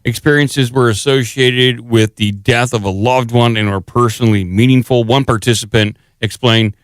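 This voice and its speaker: A man's voice: mid-range voice, steady tone, moderate pace, no echo. A man co-hosting a casual podcast, reading articles aloud and mimicking quotes with a playful accent. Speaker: podcast co-host.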